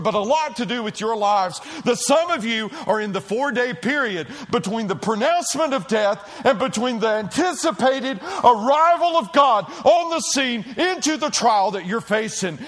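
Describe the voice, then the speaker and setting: A middle-aged man preaching in a church, his high voice leaping all over its range. He tells stories dramatically, dropping to near-whispers and then shouting, and he takes his time. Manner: dramatic storytelling, acting out quotes, swings from hushed to shouting. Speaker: pastor. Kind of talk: sermon. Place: church auditorium.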